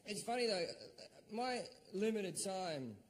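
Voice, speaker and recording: A middle-aged Australian man doing stand-up, telling a story in a profane, animated way and shouting out his own quoted lines. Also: high voice, slow, a little hiss or hum. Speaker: stand-up comedian.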